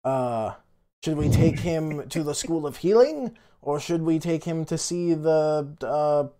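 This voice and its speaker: A man playing in a tabletop game, talking in a halting, goofy way with many fillers. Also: a little high, dark tone. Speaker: player. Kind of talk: tabletop role-play.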